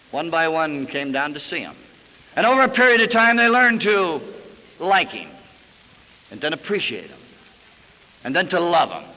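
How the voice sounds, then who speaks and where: A middle-aged man speaking at a recovery meeting, telling stories in a folksy way, chuckling, and dropping low and soft for sad memories. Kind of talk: recovery talk to an audience. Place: conference hall. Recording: old 1971 tape in a hall.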